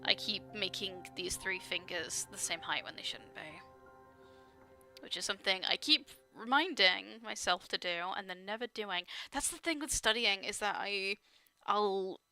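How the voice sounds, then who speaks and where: A woman's voice: medium pitch, expressive, moderate pace, bright, forceful tone, soft background music. A young woman chatting casually while drawing on stream, rambling with many fillers and frequent laughs, gushing about art. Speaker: artist streamer.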